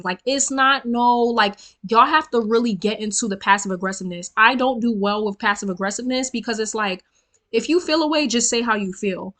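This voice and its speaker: A young woman venting in a casual storytime vlog. She is blunt and profane, talks straight to her viewers as "y'all," and puts plenty of energy into her telling. Her voice sits at a middling pitch. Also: a bit bright. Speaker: storytime vlogger.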